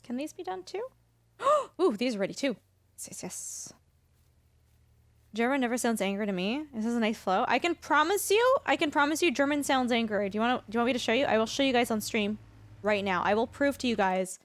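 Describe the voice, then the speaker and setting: Chatty woman gaming on stream, a bit high voice, teasing her viewers, dry room. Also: expressive, quick pace, no echo. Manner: playful, chatty, teasing the chat. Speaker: game streamer. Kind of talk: casual live-stream chat while gaming.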